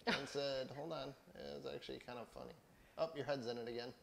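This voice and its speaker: A man's voice: mid-range voice, fairly even intonation, fast, vocal fry. A middle-aged man co-hosting a casual craft livestream, teasing his wife and reading viewer comments aloud. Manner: teasing, laughing storyteller.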